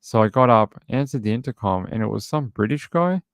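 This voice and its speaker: A man's voice: mid-range voice, lively intonation, brisk, no echo, clean studio sound. A man hosting a true crime livestream, rambling casually and thinking aloud.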